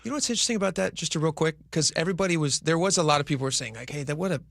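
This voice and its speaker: A man's voice: fairly high pitch, expressive, very fast, vocal fry, a bit bright, no echo, clean studio sound. A man co-hosting a radio talk show, chatting casually and rambling through restarted thoughts. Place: radio studio. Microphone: studio microphone.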